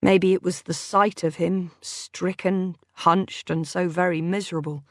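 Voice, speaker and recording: A woman narrating a first-person thriller audiobook in a measured, unhurried way. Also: lowish voice, fairly even intonation, no echo, clean studio sound.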